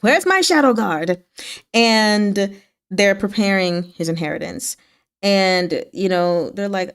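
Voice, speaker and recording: A woman talking through a novel's latest chapters in a relaxed, conversational way. Her voice sits at an ordinary middle pitch, and she keeps it chatty and wry, breaking into laughs and snapping into quick voices for the characters. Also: clean tone. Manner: chatty and wry, laughs often, acts out quick lines from the story. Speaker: book discussion host. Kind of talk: casual book chat.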